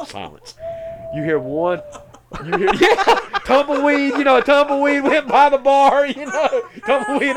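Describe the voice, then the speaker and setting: High-voiced, laughing man telling stories. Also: a little slow, very noisy. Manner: animated, slangy, laughs often, calls others man and dude. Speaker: podcast co-host. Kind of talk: casual storytelling chat.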